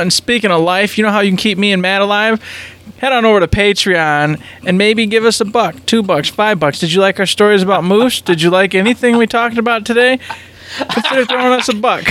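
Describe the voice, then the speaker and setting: A man's voice: sits high, fairly bright tone, slight background noise. A man co-hosting a gaming podcast, rambling through news updates and casual chat and laughing often. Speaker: podcast co-host.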